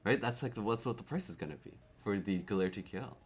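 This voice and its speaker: Excitable low-voiced male streamer. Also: fast, breathy edge, soft background music. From Canada. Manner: excitable, laughs often, repeats words. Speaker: keyboard streamer. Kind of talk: casual live-stream chat.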